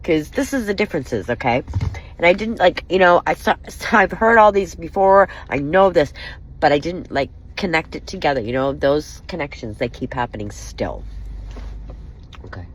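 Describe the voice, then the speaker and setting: A woman's voice: low voice, animated, moderate pace, a little hiss or hum, low-quality recording. A woman venting in an angry, wounded and profane way, speaking straight to the camera about personal hurt. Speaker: vlogger. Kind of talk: emotional personal vent.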